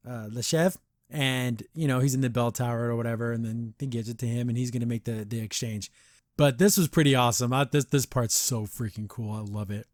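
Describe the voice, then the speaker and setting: A man hosting a podcast, reviewing a cartoon episode in an animated, excitable way with many restarts. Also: mid-range voice, no room sound, clean studio sound. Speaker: podcast host. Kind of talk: casual episode review chat.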